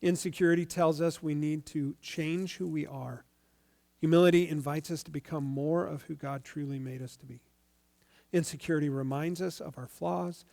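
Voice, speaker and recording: A male pastor giving a sermon in a conversational, animated storytelling way. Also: fairly high pitch, normal speed, vocal fry.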